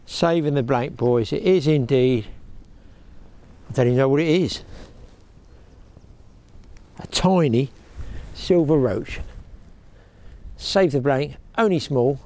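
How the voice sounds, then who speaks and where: A man's voice: medium pitch, slow, long pauses, darkish tone. A middle-aged man chatting to viewers while fishing at a windy lakeside, wearing a clip-on mic. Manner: chatty, talks to viewers as "people" and "boys". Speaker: fishing vlogger. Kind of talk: casual commentary to camera. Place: outdoors at a lake bank, windy. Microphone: clip-on mic with lead.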